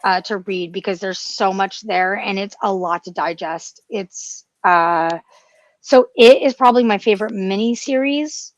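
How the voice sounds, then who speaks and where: A woman's voice: mid-range voice, a little slow, no room sound. A woman co-hosting a casual podcast chat, gushing and emotional, with frequent restarts and fillers. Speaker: podcast co-host.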